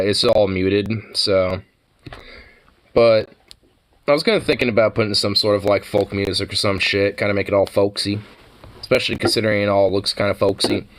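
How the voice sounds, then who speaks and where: Lowish-voiced young guy, rambling and sweary. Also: low-quality recording. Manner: loose, swears a lot, laughs between thoughts. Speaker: vlogger. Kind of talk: casual rambling chat.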